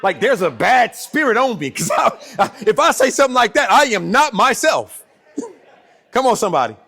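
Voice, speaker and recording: Southern male pastor, higher-pitched voice, lively emphatic sermon delivery. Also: normal speed, creaky. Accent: Southern American. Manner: animated preaching with laughs and emphatic repeats. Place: church sanctuary.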